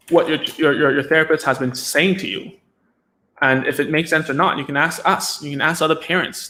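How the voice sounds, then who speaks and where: A man with a slightly raised pitch hosts a casual live stream, answering parents' questions about speech therapy. He talks loosely, restarting sentences and checking in with "right?" and "okay?" after each point. He sounds like he is at a desk mic indoors. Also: a bit bright.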